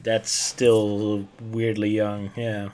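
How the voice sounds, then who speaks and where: A man's voice: on the low side, completely flat delivery, drawn-out words, a little mellow. Joking man in podcast chat. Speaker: podcast co-host.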